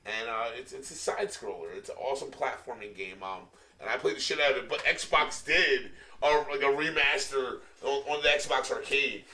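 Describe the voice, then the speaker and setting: A man's voice: medium pitch, normal speed, few pauses, bright, forceful tone. A tipsy man co-hosting a podcast, rambling in casual chat and swearing freely. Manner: loose, rambling and heavy on profanity. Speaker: podcast co-host. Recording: echoey room, mic at a distance.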